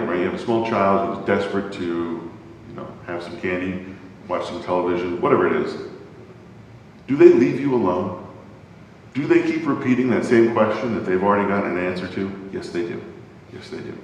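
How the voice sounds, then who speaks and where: A man teaching an adult Bible class in a conversational way, often asking the class questions. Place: church classroom. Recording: very echoey hall, far from mic, faint rumble.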